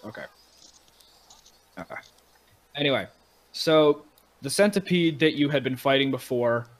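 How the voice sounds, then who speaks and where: A man's voice: mid-range voice, low-quality recording. A man narrating as game master in a casual online tabletop game, loose and rambling. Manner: loose and rambling, with many fillers.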